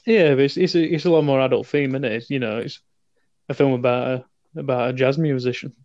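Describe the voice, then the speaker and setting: A man chatting about films in a halting way, repeating words and tagging "isn't it?" onto his points. His voice is middle-pitched and dry, recorded close with no room echo. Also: darkish tone, muffled recording. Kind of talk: casual film chat.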